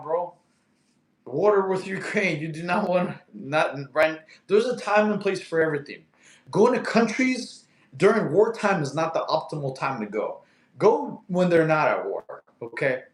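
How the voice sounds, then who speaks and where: Young man, stream host, laid-back joker, voice sits a bit high, room echo. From Russia. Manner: jokey, reads chat questions aloud and answers them. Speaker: livestream host answering chat. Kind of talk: casual livestream Q&A. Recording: echoey room.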